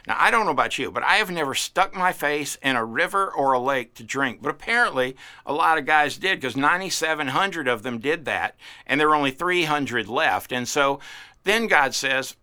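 Bright-voiced folksy pastor in his fifties. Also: on the high side, animated, moderate pace. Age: 50s. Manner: folksy, storytelling, playful voices for characters. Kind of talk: casual sermon.

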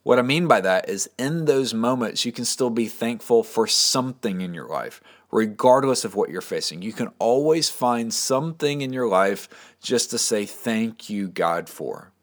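A man's voice: medium pitch, lively intonation, normal speed. A man as pastor, giving a short, upbeat and encouraging devotional message in a casual, conversational way.

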